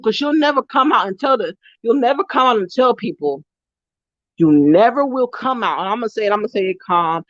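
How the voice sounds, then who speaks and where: A woman goes off on a live stream, heated and cursing, circling back to the same insults over and over. Her voice sits at an ordinary pitch, and the sound is dry and a little dull, with no room around it. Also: a bit bright, dry recording. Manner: heated, repetitive, profane ranting. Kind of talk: angry ranting live stream.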